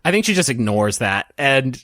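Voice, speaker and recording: A man's voice: medium pitch, very animated, normal speed, bright, forceful tone, dry recording, studio quality. A man narrating as game master of a tabletop game, casual and loose, with frequent fillers and chuckles.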